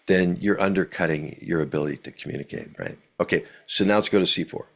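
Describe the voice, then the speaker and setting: An older man with a fairly low voice guests on an interview show. He teaches with big emphatic energy. He swings from booming lines to hushed ones and leans on deliberate pauses. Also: vocal fry. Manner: uses deliberate pauses for effect. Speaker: guest, author and voice actor.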